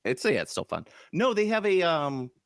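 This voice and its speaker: A man's voice: on the high side, wildly swooping pitch, gravelly, dry recording, clean studio sound. A man co-hosting a casual podcast chat, rambling and stopping to restart his sentences. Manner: rambling, halting with restarts and fillers. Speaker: podcast co-host.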